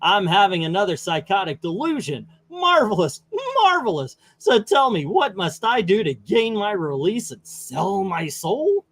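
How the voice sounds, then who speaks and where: A manic clown supervillain, shrill and gleefully unhinged, voiced by a man reading a comic aloud. The voice jumps well above the reader's own. Every line comes out loud and excitable. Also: unhurried, hardly any pauses, slightly rough, exaggerated voice. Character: manic grown male clown supervillain, theatrical. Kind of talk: comic book read-aloud.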